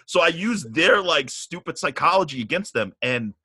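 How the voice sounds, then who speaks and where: A middle-aged man tells a story on a podcast, his voice bright and forceful. He swears freely and gets worked up as he talks. The sound is close and dry. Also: on the high side, moderate pace, husky, no room sound. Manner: animated, profane, gets riled up. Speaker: guest telling a story.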